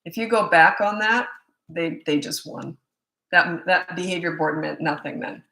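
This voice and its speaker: A middle-aged woman, a parenting coach, talking casually in a live Q&A, lively and acting out what kids and parents say. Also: on the low side, normal speed, creaky. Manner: lively, acts out quoted parents and kids in changed voices. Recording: echoey room.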